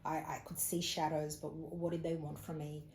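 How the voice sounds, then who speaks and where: With a deep voice and a moderate pace, an Australian psychic medium tells a personal story as an interview guest. She's a lively, casual storyteller who acts out whoever she quotes. The recording has an echoey room sound and faint ambient noise.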